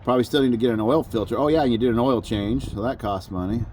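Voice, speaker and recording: A man's voice: mid-range voice, fast, darkish tone, a little hiss or hum. A man, a father hosting a backyard mechanic channel, talks casually and jokes at his own expense while working on a car outdoors. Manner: chatty, joking, self-mocking. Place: outdoors in a backyard garage area, rain starting.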